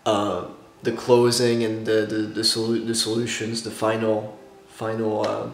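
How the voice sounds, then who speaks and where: A man's voice: lowish voice, measured pace, vocal fry. Gushing man in an echoey room. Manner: gushing and excitable, with nervous laughs and restarts. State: tired after staying up all night. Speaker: YouTuber reacting to a film marathon. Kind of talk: casual emotional reaction vlog. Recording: roomy echo with soft music behind.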